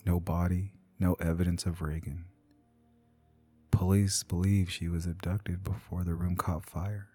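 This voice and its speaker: A man narrating a scripted horror story in a hushed, half-whispered delivery. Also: low-pitched, level tone, measured pace, breathy edge, faint music behind.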